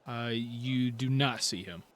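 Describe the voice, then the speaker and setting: A man narrating as game master of a tabletop game, relaxed and full of fillers. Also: medium pitch, takes it slowly, a crowd in the background.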